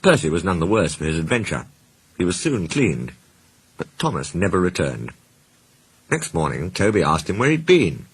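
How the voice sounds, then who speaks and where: A man reading a children's railway story aloud in an expressive storybook style. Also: low voice, moderate pace, breathy edge.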